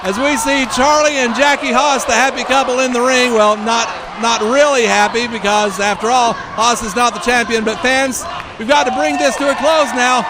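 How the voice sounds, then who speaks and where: A man announcing wrestling in a school gym, shouting over the crowd as he signs off. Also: very high-pitched, steady tone, moderate pace, noisy background. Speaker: ring announcer. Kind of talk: sports commentary.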